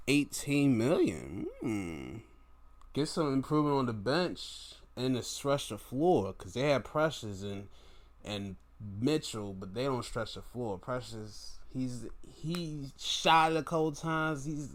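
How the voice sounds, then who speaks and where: A man hosting a sports podcast who talks casually and uses a lot of swearing as he goes through a list of basketball signings, joking as he goes. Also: medium pitch. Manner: loose, profane, joking commentary. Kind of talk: casual sports talk, going down a list of free-agency moves.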